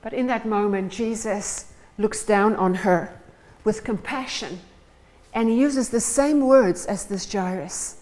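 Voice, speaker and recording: A woman's voice: mid-range voice, measured pace, a little mellow, poor audio. A woman preaching a sermon in church, retelling stories and acting out the scenes. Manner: storytelling, acts out the scenes.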